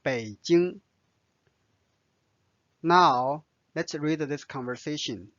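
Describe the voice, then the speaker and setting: A man with a Chinese accent teaches a vocabulary lesson at a very slow, careful pace, repeating each word and pausing on fillers. His voice sits at an ordinary pitch. The recording is dry and slightly dull. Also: no echo. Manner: patient, repeats words, many "uh" fillers.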